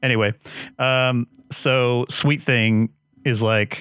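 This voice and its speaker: A man's voice: mid-range voice, fairly even intonation, takes it slowly, smooth, no room sound. A man co-hosting a podcast, recapping a story in casual chat with lots of fillers and restarts. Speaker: podcast co-host recapping an episode. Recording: dry, tinny phone-like sound.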